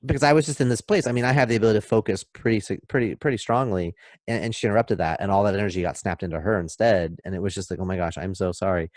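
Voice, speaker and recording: Low-voiced man, emphatic talker. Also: racing, no echo, studio quality. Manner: emphatic and animated, acts out scenes. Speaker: podcast guest. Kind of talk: casual podcast talk, explaining.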